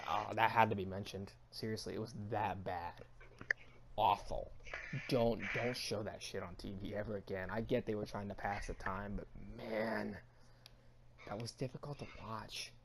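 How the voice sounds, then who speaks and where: A man's voice: fairly low pitch, steady tone, moderate pace, vocal fry, a crowd in the background. A man co-hosting a podcast, ranting theatrically with heavy swearing and mock crying. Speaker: podcast co-host. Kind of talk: casual comedic rant.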